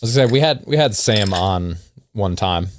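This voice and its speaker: A man's voice: on the low side, animated, normal speed, noisy background. A man hosting a casual podcast, rambling and wry, with self-deprecating asides. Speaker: podcast host.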